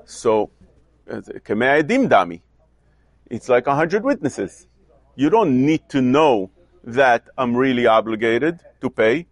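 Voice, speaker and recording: Male lecturer, lively and questioning, dry close sound. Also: a little high, no echo. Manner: animated, questioning, mixes Hebrew and Yiddish terms. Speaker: Torah teacher. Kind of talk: Talmudic lecture.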